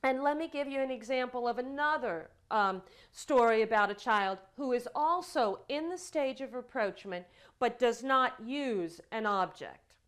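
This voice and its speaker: A woman lecturing a class on child development, telling examples with animated quoted dialogue. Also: on the high side, moderate pace, clear, resonant tone. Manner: storytelling with acted quotes, animated delivery.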